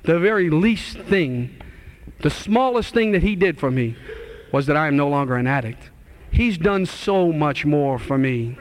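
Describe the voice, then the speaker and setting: This middle-aged minister recounts his own testimony before a live congregation in a high-pitched, expressive voice at a measured pace. Reenacting past dialogue, he raises his voice louder and higher, before settling into heartfelt, passionate urging.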